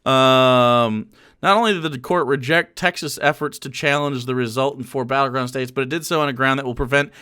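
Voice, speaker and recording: A man's voice: medium pitch, fairly even intonation, a little fast, pushed and bright, clear, resonant tone, dry recording, studio quality. A young man streaming casual political commentary, sarcastic and mocking, with frequent fillers and chuckles.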